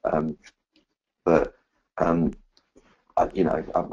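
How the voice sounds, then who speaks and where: Deep husky-voiced man. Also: expressive, a little mellow, highs cut off. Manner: rambling, unhurried, many fillers and restarts. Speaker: spiritual teacher. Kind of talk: meditative spiritual talk.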